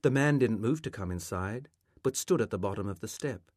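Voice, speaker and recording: A male author reading a passage of his literary novel aloud in a measured, expressive way, close to the microphone. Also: on the low side, no room sound.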